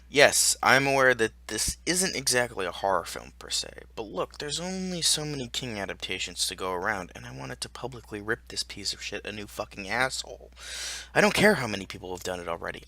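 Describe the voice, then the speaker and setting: A man's voice: fairly low pitch, creaky, sharp tone, no room sound. A man angrily reviewing a film, ranting with heavy profanity and sarcasm. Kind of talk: angry scripted film review.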